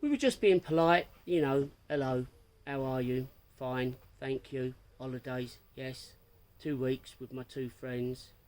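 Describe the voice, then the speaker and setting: A man's voice: medium pitch, unhurried, darkish tone, lightly acted. A man reading aloud, voicing a chatty young woman on holiday who speaks several languages.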